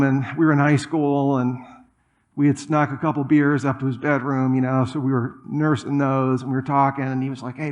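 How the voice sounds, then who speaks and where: A man preaching a sermon in a church, conversational and animated, with asides and humor. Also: a little high. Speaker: pastor. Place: church auditorium.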